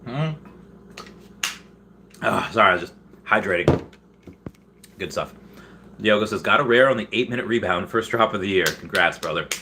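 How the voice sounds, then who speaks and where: Against a noisy background, a livestream host reads out viewer comments at a moderate pace with lively intonation and long pauses. He rambles, laughs often, restarts himself, and jumps into high, loud fake voices for the quotes.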